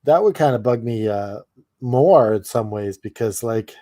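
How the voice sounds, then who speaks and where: A man's voice: medium pitch, expressive, a little slow, warm tone, no echo. A man co-hosting a podcast in casual chat, hesitant with many restarts and chuckles. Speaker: podcast co-host.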